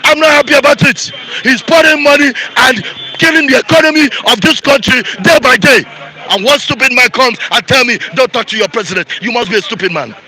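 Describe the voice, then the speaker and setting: Angry Nigerian man ranting, high bright voice. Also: a little fast, poor audio. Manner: angry, repetitive, preachy. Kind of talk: impassioned street interview rant.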